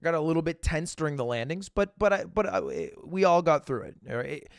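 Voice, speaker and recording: Animated young man telling a story. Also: brisk, creaky, no echo, studio quality. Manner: animated, swings between loud bursts and low asides; acts out quoted dialogue. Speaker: livestreamer. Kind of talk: casual storytelling to chat.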